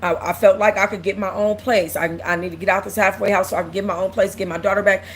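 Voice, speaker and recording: Talking at a quick pace with fairly even intonation, a young woman with a medium-pitched voice hosts an emotional, casual livestream against slight background noise. Candid and close to crying, she repeats herself and answers comments after reading them out.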